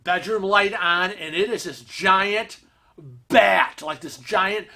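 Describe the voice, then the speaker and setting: A man telling a story in an animated, excitable way to his vlog viewers. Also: sits high, slow pace, gravelly. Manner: animated, excitable storytelling with laughs and acted-out quotes. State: vision impaired, uses a cane. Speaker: vlog host. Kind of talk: casual storytelling.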